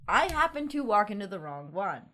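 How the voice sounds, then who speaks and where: A young woman co-hosting a casual podcast chat, wry and quick to laugh. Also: mid-range voice, big pitch swings, sharp tone. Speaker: podcast co-host.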